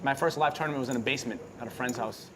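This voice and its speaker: Fast-talking man at the poker table. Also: medium pitch, over a noisy crowd. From Boston, USA. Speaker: poker player.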